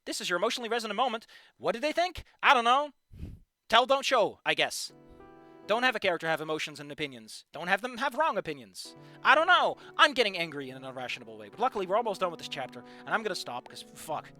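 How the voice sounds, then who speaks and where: With soft music in the background, a fanfiction critic with a medium-pitched, expressive voice and sharp tone reads a story aloud quickly. The reading keeps collapsing into exasperated, profane rants, with sighs between points, making for ranting commentary.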